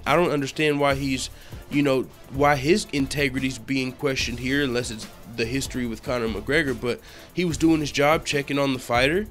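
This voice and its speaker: A man giving casual news commentary on a video blog, animated and swearing often. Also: fairly high pitch. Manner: animated, swears a lot, acts out quotes loudly. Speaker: MMA news vlogger.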